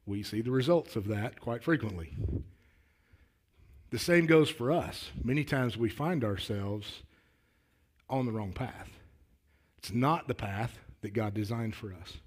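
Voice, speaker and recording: Guy preaching at church, folksy and earnest, stumbles on his words, gets loud and emphatic. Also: mid-range voice, expressive, measured pace, long pauses. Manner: folksy and earnest, repeats words when starting; builds to emphatic, louder declarations. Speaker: lay preacher. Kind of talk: sermon.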